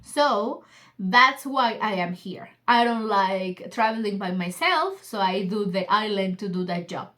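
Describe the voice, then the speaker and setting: A woman's voice: medium pitch, lively intonation, measured pace, pushed and bright, voice pushed down. A woman reading the lines of a grumpy, dismissive male albatross in a storybook, keeping close to her own casual voice. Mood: scornful. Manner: casual, paraphrases the bird loosely.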